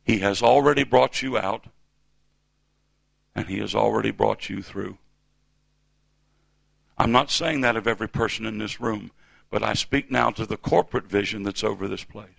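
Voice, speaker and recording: A man's voice: fairly low pitch, normal speed, gravelly, long pauses, no room sound. A man in his fifties from the United States preaching a sermon in a church, with emphatic call-and-response delivery. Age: 50s.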